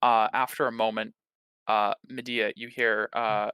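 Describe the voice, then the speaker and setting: A man running a tabletop game as game master, narrating in a relaxed, halting way with many fillers. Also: on the low side, clean tone, dry recording. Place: home room, streaming.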